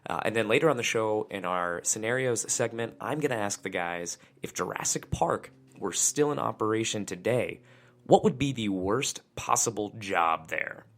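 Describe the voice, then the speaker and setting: A man's voice: lowish voice, lively intonation, normal speed, a bit bright. A man hosting a casual podcast with friends, giving upbeat announcer-style intros and laughing often. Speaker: podcast host.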